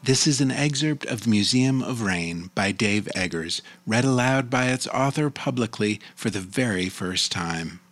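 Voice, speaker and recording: A man hosting a show, giving a calm, scripted introduction. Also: on the low side, measured pace, few pauses, faint music behind. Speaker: host. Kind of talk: scripted narration.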